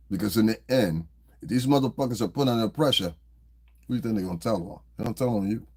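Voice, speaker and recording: Man, podcast host, husky voice, casual profane rambling, laughing storyteller. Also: on the low side, quick pace, darkish tone. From New Jersey. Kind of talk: casual commentary monologue.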